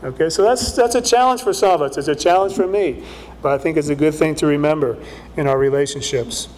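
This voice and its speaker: A man's voice: fairly high pitch, a little fast, darkish tone, a little hiss or hum. A man preaching a conversational sermon as a pastor, often checking in with "right?", in a church hall.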